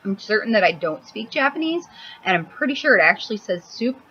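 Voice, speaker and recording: A makeup vlogger talks a little fast in a medium-pitched, sing-song voice that's bright and forceful. Her casual home vlog is a blunt, crude, cranky ramble with plenty of swearing, picked up by a laptop mic with faint hiss and somewhat dull audio.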